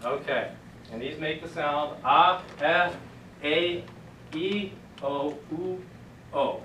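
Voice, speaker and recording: Guy teaching a class, kinda high voice, echoey room, mic far off. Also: takes it slowly, a little hiss or hum. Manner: relaxed, leads class in repeating sounds. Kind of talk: classroom lesson.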